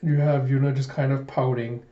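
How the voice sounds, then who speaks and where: A man casually retelling a comic in an animated way as a reviewer, on a dull, roomy home recording. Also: mid-range voice, normal speed. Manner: animated retelling with "he's like" quotes. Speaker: manga reviewer.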